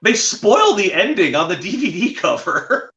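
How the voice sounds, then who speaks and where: A man's voice: sits high, sing-song, measured pace, fairly bright tone, roomy sound, lo-fi sound. A man, a podcast guest, rambling through casual stories with many fillers and restarts. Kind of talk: casual storytelling chat.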